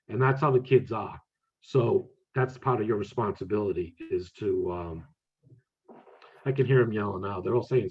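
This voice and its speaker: A man, a medium and author, chatting casually and answering audience questions, with relaxed speech full of fillers and restarts. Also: on the low side, moderate pace, breathy edge. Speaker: medium and author, guest speaker. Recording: tinny phone-like audio.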